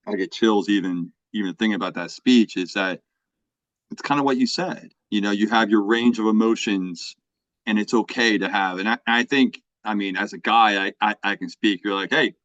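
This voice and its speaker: A man's voice: on the low side, moderate pace, fairly bright tone, no room sound. A middle-aged man hosting a podcast, chatting casually, rambling with restarts and checking in with "right?". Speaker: podcast host. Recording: dry, slightly dull podcast mic.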